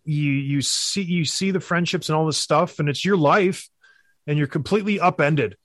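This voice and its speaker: A man, a former hockey player, co-hosting a casual sports talk show and telling stories with animated emphasis. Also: fairly high pitch, normal speed, dry recording, studio quality.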